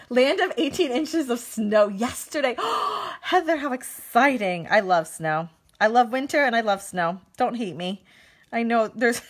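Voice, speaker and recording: A woman's voice: a little high, fairly bright tone. A woman in her thirties demonstrating card making on a live stream, chatting and laughing as she answers viewer comments.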